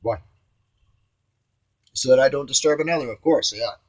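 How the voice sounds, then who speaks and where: A man rambling through a spiritual self-reflection, musing aloud, with his voice shifting between loud and hushed. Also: mid-range voice, moderate pace, dry recording. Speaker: vlogger. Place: home on Maui.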